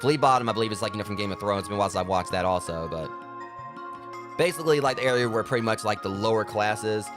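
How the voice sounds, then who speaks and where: Fast, rambling gamer guy. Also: fairly low pitch, expressive, music in the background. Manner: rambling, filler-heavy. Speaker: let's play host. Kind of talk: casual gameplay commentary.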